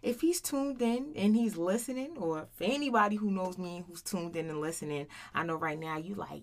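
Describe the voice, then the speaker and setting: A woman's voice: on the low side, moderate pace, hardly any pauses. Blunt, profane woman podcast host. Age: 30s. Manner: blunt, profane and slangy, tags lines with "right?". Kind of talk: casual solo podcast monologue.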